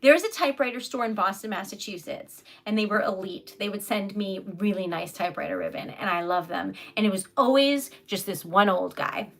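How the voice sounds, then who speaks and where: A young woman hosting a casual livestream, chatty and giggly, sometimes dropping into soft whispers as she reads comments. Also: medium pitch, animated, brisk, hardly any pauses. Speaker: livestream host selling typewritten poetry.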